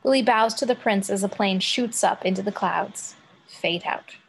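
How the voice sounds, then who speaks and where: A woman reads out the action descriptions of a script. Her tone is even and matter-of-fact, her voice mid-pitched. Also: moderate pace, creaky, a little hiss or hum. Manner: plain, matter-of-fact reading. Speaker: narrator of stage directions. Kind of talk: reading a script aloud.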